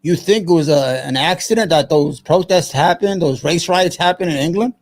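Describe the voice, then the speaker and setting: A man's voice: a little high, moderate pace. A man hosting his own show, giving angry, profane, emphatic political commentary. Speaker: show host.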